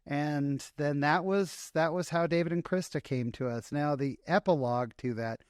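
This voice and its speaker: A man's voice: on the high side, moderate pace, darkish tone, clear, resonant tone, no room sound. Middle-aged guy telling an emotional story, earnest, restarts a lot, dry sound. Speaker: interview guest. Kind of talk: personal storytelling in an interview.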